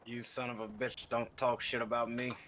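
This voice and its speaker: A man bantering in a casual gaming chat, quick and lively. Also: mid-range voice, slight background noise.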